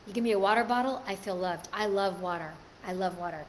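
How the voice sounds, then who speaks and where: A woman's voice: medium pitch, fast, noisy background. A woman hosting a live stream, chatting casually and answering viewer comments. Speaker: livestream host.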